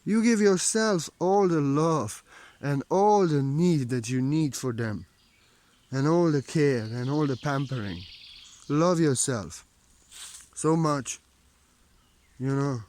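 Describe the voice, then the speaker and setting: A man giving a spiritual teaching in earnest, repetitive phrasing, swinging between hushed stretches and forceful emphasis, with non-native grammar. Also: medium pitch.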